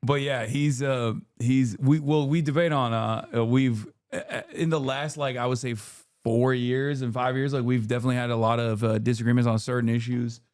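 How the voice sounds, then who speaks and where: A male host in a casual chat with a mid-pitched voice. He sounds relaxed and agreeable, often saying "yeah" and pausing with fillers as he thinks.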